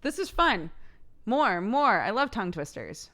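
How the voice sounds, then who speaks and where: A woman's voice: mid-range voice, sing-song, a little slow, a bit bright. A woman streamer chatting casually and playfully on a livestream, laughing often as she tries out tongue twisters.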